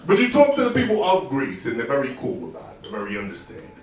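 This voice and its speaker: A man's voice: medium pitch, fast. A man from New doing profane stand-up comedy on a club stage. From New York. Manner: animated, profane, bursts into mock shouting. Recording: echoey club from far off, crowd.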